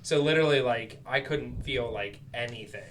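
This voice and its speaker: A man's voice: medium pitch, normal speed, slight background noise. Rambling, laughing man on a podcast. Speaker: podcast co-host. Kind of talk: casual chat.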